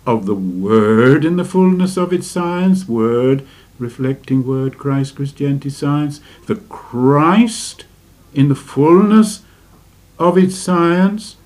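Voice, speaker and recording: Slow, deliberate man giving spiritual lecture. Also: on the high side, a little mellow. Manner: deliberate, with rhetorical questions to listeners. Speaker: religious teacher.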